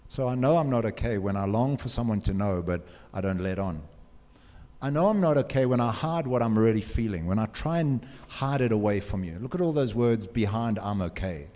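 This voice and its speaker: Brief: man, motivational speaker, earnest and direct, low and mellow, echoing hall. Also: lively intonation, a little fast. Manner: earnest, direct, asks the audience questions. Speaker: speaker addressing students. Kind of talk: motivational talk. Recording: long hall reverb.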